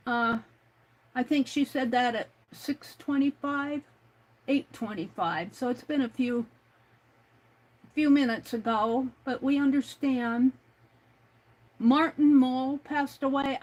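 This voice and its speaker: A woman's voice: a little high, rough recording. A woman hosting a crafting livestream in casual chat, thinking aloud and reading out chat messages as she works.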